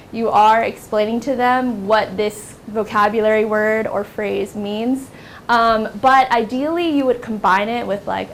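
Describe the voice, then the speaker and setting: A young American woman leads a teacher-training workshop in a classroom, with a slightly high voice that keeps sliding into creaky fry. She talks loosely and casually, scattering "like" and "um" through her explanations, over a faint hiss of background noise. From United States. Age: young adult. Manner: casual, many fillers like "like" and "um". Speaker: workshop instructor.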